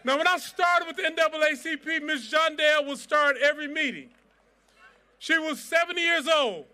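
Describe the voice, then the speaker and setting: A man's voice: very high voice, moderate pace, bright, forceful tone. A man giving a fiery rally speech as a civil rights organization president, with a preacher-like cadence and rousing repeated chants.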